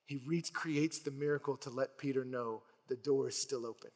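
A man's voice: medium pitch, normal speed, long reverb tail. A male pastor preaching a sermon, retelling scenes and acting out the voices in them. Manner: animated storytelling, acts out voices in quotes.

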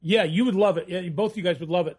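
A man chatting as a guest on a podcast, telling rambling, animated stories. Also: sits high, quick pace, breathy edge. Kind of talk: casual podcast chat.

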